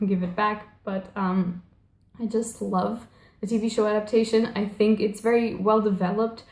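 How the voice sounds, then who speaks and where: A woman's voice: mid-range voice, a little mellow. A young woman chatting casually as a book vlogger, gushing and rambling, often correcting herself and filling with "um" and "like". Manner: rambling, gushing, self-correcting, frequent fillers. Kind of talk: casual chat. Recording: echoey room.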